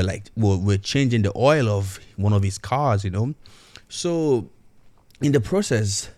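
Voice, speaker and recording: A man's voice: lowish voice, a little mellow, dry recording. A man casually retelling a story in a monologue, acting out the quoted voices and often adding "you know".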